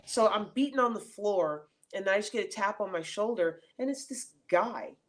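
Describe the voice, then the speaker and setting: A middle-aged woman, an interview guest, telling stories in a casual, animated way with many fillers and restarts. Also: medium pitch, moderate pace.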